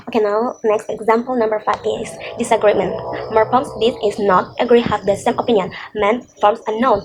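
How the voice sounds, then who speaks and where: A young woman presents a class assignment in English. She reads from her notes at an unhurried pace and steps through each example in turn. Her voice sits a touch high, with a faint hiss behind it. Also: darkish tone, poor audio. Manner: slow, deliberate, listing examples one by one. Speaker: student presenter.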